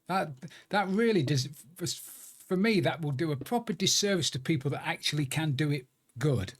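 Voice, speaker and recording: Husky and a little high, this man's animated voice moves at a normal speed. He's live-streaming a video game, chatting casually and bantering in a self-deprecating way.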